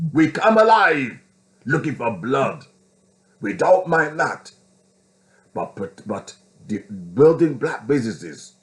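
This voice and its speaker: Impassioned preachy man with lively pitch. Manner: preachy and rhetorical, swings from raised voice to hushed. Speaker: online commentator. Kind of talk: impassioned monologue.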